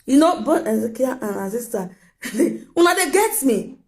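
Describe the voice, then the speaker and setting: A woman's voice: a little high, very animated, moderate pace. A woman with a Nigerian accent giving casual gossip commentary, emphatic and full of rhetorical questions to her viewers. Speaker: gossip vlogger.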